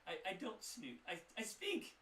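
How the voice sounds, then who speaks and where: A lonely village shopkeeper, thrilled to see anyone, cracks jokes in a high, bright voice, as a game master puts him on. He talks with a theatrical flair. It sounds like an echoey room, with the mic some distance away. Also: moderate pace, exaggerated voice. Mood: playful. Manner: high excited voice, joking and theatrical. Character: lonely eccentric male village shopkeeper, chatty and quick-witted.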